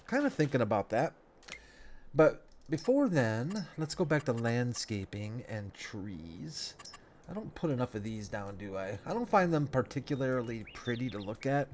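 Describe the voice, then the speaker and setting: A man, sounding stuffed up, giving relaxed, rambling commentary over a game as a let's play host, talking half to himself with folksy phrases. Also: mid-range voice, normal speed, a little hiss or hum. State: stuffed up nose. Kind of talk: casual gameplay commentary.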